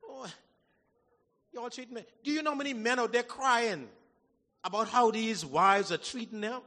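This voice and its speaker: A man preaching a sermon in a church hall, folksy and animated, swinging from shouts to low asides. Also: normal speed. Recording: long hall reverb.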